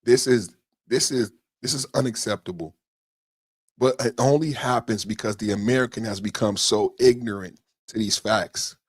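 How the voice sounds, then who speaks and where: A man's voice: mid-range voice, dry recording, clean studio sound. Indignant man ranting on a podcast. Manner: indignant, builds to shouting, swears often. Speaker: podcast host. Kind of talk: political commentary rant.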